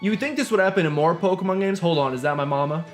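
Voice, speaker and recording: A man's voice: high-pitched, rapid-fire. A young man streaming a video game, joking and ranting as he plays and sometimes reading the game's lines aloud. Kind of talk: casual gameplay commentary. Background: game music.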